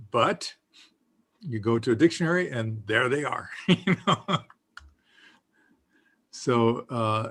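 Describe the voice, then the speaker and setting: Slow, patient man teaching Greek. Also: medium pitch, a bit bright. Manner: slow, patient, explanatory with fillers. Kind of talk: casual teaching.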